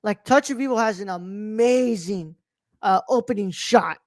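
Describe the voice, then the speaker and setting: A woman's voice: medium pitch, a little slow, darkish tone, dry recording, clean studio sound. A woman co-hosting a podcast, chatting casually about a film in a loose way, with lots of fillers and the odd swear word. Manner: loose, profane, full of fillers. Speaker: podcast co-host. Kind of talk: casual movie review chat.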